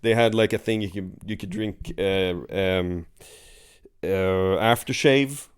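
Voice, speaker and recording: Male comedy podcast co-host with a lowish voice. Casual, rambling storyteller. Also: takes it slowly, clear, resonant tone. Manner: rambling anecdotal storytelling with many fillers. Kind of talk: casual chat.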